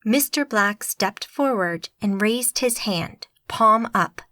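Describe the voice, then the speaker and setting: A woman narrates an urban fantasy audiobook in a steady, even way. Her voice sits in a middle pitch. The booth is dry, with no room sound. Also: takes it slowly, dry recording. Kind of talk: scripted narration.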